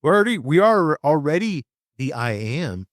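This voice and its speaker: A man's voice: a little high, sing-song, normal speed, no room sound, studio quality. A man hosting a casual spiritual conversation about recovery, talking emphatically, swearing freely and acting out the voices in his head.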